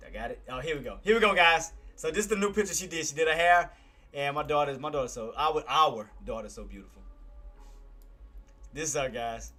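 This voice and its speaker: Bright-voiced hyped male live streamer. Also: medium pitch, fast. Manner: hyped and loud, then soft and emotional. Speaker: live streamer talking stocks. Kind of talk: casual live stream chat. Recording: faint music behind.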